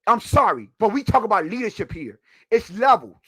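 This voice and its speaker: A man's voice: sits high, big pitch swings, fairly quick, sharp tone, husky, no echo. A man hosting a heated sports talk show, preachy and emphatic, firing off rhetorical questions.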